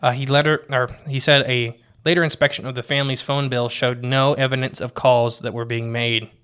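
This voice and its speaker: A man's voice: mid-range voice, flat delivery, brisk, fairly bright tone, smooth. A man co-hosting a casual podcast, reading quotes from his notes and often restarting his sentences. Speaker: podcast co-host.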